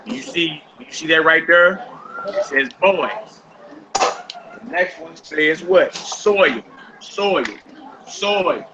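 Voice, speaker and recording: A man's voice: fairly high pitch, slow, pauses often. A man teaching a classroom language lesson in a casual manner, saying y'all and repeating each word for his students. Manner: casual, uses y'all, drills words by repeating them. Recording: muffled recording with background noise.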